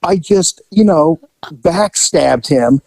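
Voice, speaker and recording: A man's voice: fairly high pitch, slow, gravelly, dry recording, rough recording. An older man and retired police officer, telling stories in a casual chat and acting out the people in them. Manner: animated storyteller who acts out quotes.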